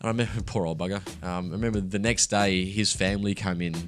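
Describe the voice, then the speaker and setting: A man's voice: deep voice, steady tone, fast, slight background noise. A young man talking candidly and casually as a podcast co-host, swearing freely and laughing as he tells his story. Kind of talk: casual chat.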